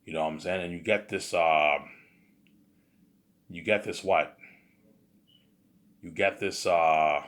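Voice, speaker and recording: A man's voice: low voice, fairly even intonation, takes it slowly, pauses often, fairly bright tone. A man telling an improvised story in a rambling, boastful way, full of stumbling restarts and repeated filler phrases. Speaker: storyteller, vlogger.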